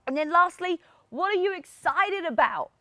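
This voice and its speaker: Upbeat high-voiced woman coaching listeners. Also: lively intonation, moderate pace, pushed and bright, no room sound. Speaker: fitness podcast host. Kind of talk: motivational solo podcast talk.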